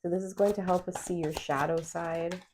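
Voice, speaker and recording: A tarot reader doing a pick-a-card reading to camera speaks in a fairly low, steady, darkish voice at normal speed. She chats with her viewers directly, encouraging them as she reads the card meanings aloud, with slight background noise behind her.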